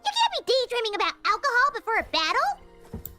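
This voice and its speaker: Shrill tiny fairy companion, very high, swooping wildly, bossy, game music behind. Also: female voice, a little fast, exaggerated voice. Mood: scolding. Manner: scolding, excitable. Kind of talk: video game dialogue.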